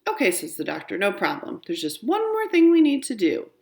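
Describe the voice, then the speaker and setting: A woman reading aloud, voicing a smiley, cheerful doctor who speaks gently and upbeat to a child. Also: mid-range voice, huge pitch swings, a little fast, gravelly, pitched above the performer's own voice.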